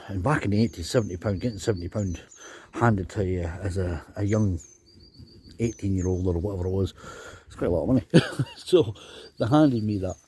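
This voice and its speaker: This Scottish man from Dundee, in his fifties, has a lowish, warm voice. He tells chatty, rambling stories about his drumming days in a casual monologue, often adding "you know," with slight background noise behind him.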